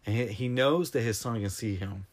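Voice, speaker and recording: A man in casual conversation, retelling a film's plot with animated, emotional storytelling and coming close to tears. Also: medium pitch, moderate pace. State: near tears. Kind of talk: casual film discussion.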